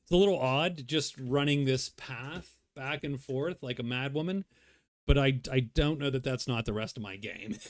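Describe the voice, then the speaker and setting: A man's voice: mid-range voice, normal speed. Man muttering through a solo board game. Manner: thinking aloud, rambling, self-muttering. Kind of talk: casual solo playthrough commentary.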